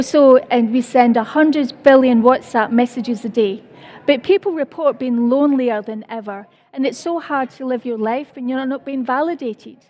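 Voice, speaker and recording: Scottish woman, high register, conference speaker; earnest, self-deprecating, apologizes often. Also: a little mellow. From Scotland. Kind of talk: conference presentation.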